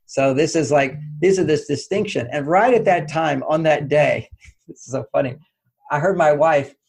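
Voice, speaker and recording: An older man, an author guest on an interview, telling stories in an animated way and acting out quoted dialogue. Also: fairly high pitch, moderate pace, gravelly, husky. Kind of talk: conversational storytelling interview.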